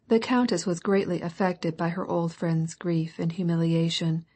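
A woman narrating a classic novel audiobook in a measured, even reading. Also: on the low side, husky. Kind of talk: scripted narration.

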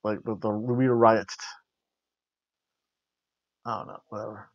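A man's voice: on the low side, little pitch movement, measured pace, no echo. A man hosting a wrestling review show, rambling in casual chat with jokes and frequent restarts. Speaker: wrestling review podcast host. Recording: dull lo-fi dry recording.

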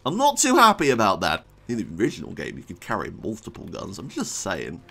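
Excitable gamer, wildly swinging pitch. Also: fairly quick, gravelly. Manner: excitable, swings from muttering to yelling. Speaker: gaming YouTuber. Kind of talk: let's play commentary.

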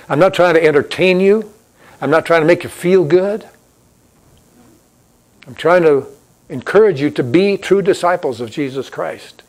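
A man's voice: on the high side, darkish tone. A man preaching a sermon as pastor in a church, in a conversational storytelling way that repeats key points.

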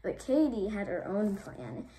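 A woman reading a children's chapter book aloud in a steady, measured narration. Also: medium pitch. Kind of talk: storybook read-aloud. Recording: roomy, distant mic, faint noise.

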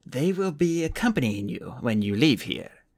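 A man's voice: medium pitch, sing-song, normal speed. A man voicing a stern, curt ancient woman who rules her realm, in an audiobook. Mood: cold.

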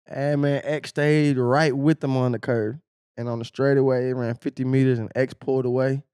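Animated laughing storyteller, a man. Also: medium pitch, moderate pace, smooth, dry recording, clean studio sound. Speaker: podcast co-host, former sprinter. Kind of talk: casual storytelling chat.

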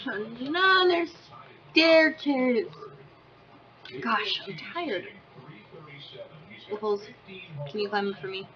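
A woman's voice: fairly high pitch, drawn-out words, long pauses. A woman hosting a gaming channel, chatting casually over gameplay and coaxing her pet in baby talk. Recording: dull lo-fi with game crowd noise.

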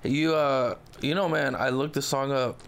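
A man hosting an interview, asking relaxed, drawn-out questions in a casual way. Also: mid-range voice, vocal fry. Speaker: interviewer host.

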